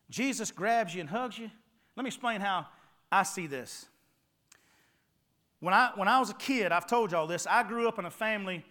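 Folksy high-voiced Southern preacher man. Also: sharp tone. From North Carolina. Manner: folksy storytelling with call-and-response asides. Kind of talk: sermon.

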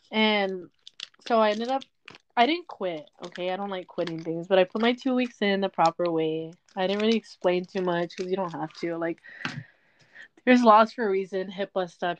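A young woman in her twenties talking candidly in a rambling personal podcast monologue, full of fillers and quick apologies. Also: mid-range voice, slight background noise. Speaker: podcast host. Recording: dull lo-fi dry sound.

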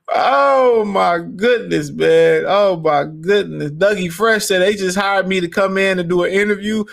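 A podcast host rants casually in a high-pitched, gravelly male voice. He swears freely and laughs a lot, keeping the commentary animated.

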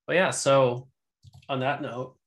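A man's voice: medium pitch, fairly even intonation, takes it slowly, rough recording. A man co-hosting a podcast in casual chat, joking and often restarting his sentences.

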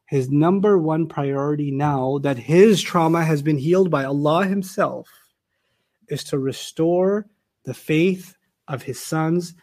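A man's voice: fairly high pitch, darkish tone. Emphatic man teaching scripture. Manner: emphatic, repeats phrases for stress. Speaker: Quran teacher. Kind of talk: Quran commentary lecture.

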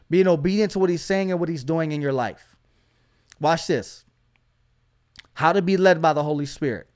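Male preacher-host, high voice, emphatic exhorting delivery with lots of call-outs. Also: a little mellow. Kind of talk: energetic preaching.

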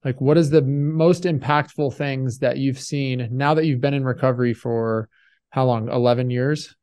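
A man's voice: medium pitch, fairly even intonation, moderate pace, a little mellow, clear, resonant tone, no echo. A man hosting a podcast, asking casual, enthusiastic interview questions. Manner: enthusiastic, loose and chatty. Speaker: podcast host.

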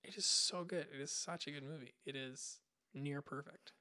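A man's voice: fairly high pitch, normal speed, pushed and bright. A young man co-hosting a podcast, chatting casually and enthusiastically, rambling and acting out movie scenes. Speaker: podcast co-host. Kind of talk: casual chat.

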